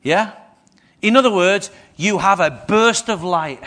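High-voiced preacher. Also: male voice, a little slow. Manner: lively, questions the congregation. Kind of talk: sermon.

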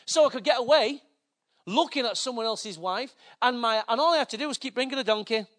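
A man's voice: very high voice, a little fast, a bit bright. A man preaching a sermon in a conversational, joking way, with asides to the congregation.

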